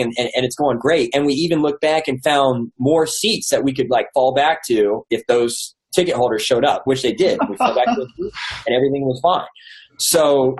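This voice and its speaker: A man's voice: medium pitch, low-quality recording. A man, an author being interviewed, telling a story casually with lots of fillers and restarts. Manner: rambling with many likes and restarts. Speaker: author and guest.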